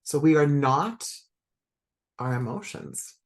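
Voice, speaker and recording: A woman's voice: low-pitched, expressive, slow. Chatty woman spiritual coach. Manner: conversational, many fillers and self-corrections. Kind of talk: reflective talk to an audience.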